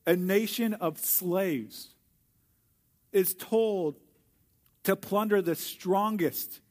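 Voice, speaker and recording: A male pastor preaching a sermon in an earnest way, slowing down for emphatic repeated phrases. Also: high voice. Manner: earnest, with slow emphatic repetition.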